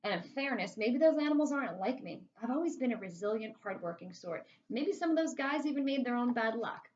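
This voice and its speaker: A woman's voice: a little high, lively intonation, brisk, a little mellow. A woman reading a children's novel aloud in a casual, chatty first-person storytelling way. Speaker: reader. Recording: slightly muffled lo-fi recording.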